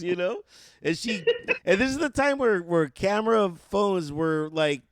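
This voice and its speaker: High-pitched dude cohosting a podcast, super animated storytelling, dry close sound. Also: male voice, normal speed, no room sound. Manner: animated storyteller, swears freely. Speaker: podcast co-host. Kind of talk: casual chat.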